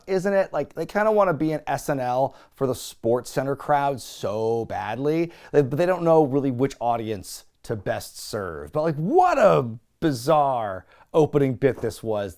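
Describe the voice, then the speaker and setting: A young man hosting a casual wrestling recap, animated and sarcastic, laughing often. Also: medium pitch. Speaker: wrestling review host.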